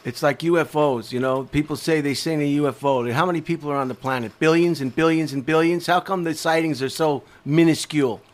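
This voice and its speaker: Podcast host guy, kinda high voice, lots of uh and you know. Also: brisk, hardly any pauses. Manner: rambling questions with many fillers. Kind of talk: casual chat. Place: comedy club room.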